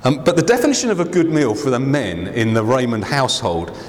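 A man preaches a sermon in a church, with a voice that rises and falls a great deal. He acts out the people he quotes. Long reverb hangs around his words. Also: a little fast. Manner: expressive, acts out quoted voices with big pitch swings. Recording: hall reverb.

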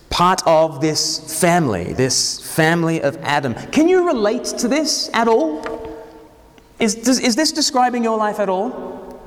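Brief: lively male preacher, slightly high voice, long church reverb. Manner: animated, joking, asks the congregation questions. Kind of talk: sermon.

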